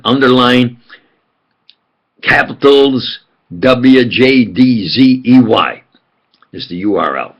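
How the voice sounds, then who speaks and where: An older man with a New York accent, speaking in a slow, halting, rambling monologue full of fillers and restarts. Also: mid-range voice, dull audio. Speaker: channel host.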